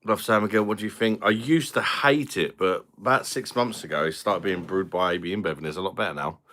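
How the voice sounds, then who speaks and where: Chatty deep-voiced British man streaming. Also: brisk, fairly bright tone. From London. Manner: chatty, swears, reads out viewer comments. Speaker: beer review channel host. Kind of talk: casual live-stream chat.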